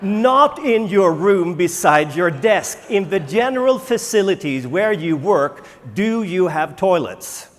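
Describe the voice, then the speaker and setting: A man, a native Swedish speaker, giving a conference keynote and firing rhetorical questions at the audience with dramatic pauses. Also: high-pitched, expressive. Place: large conference hall. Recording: echoey conference hall.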